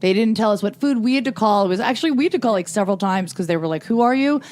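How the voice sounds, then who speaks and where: A woman tells a long anecdote as a guest on a comedy podcast. She pitches her voice in the middle range, lets it rise and dip with the drama, and acts out the lines she quotes. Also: rapid-fire. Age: 20s. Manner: animated storyteller who acts out shouted quotes.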